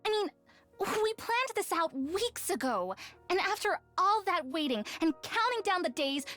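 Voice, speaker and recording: A high, lilting young woman pouts and teases in this game voice. Her pitch swoops up and down as she scolds, playful under the reproach. Faint music sits underneath. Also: big pitch swings, unhurried, a bit bright, heavily acted. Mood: reproachful. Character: sulky, teasing young woman student.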